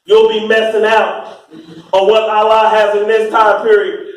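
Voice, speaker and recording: A middle-aged American man giving an impassioned religious address to a room full of people, fervent and often rising to shouts. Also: high-pitched, completely flat delivery, a little slow. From United States. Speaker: speaker at a religious gathering. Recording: very echoey hall, mic far off.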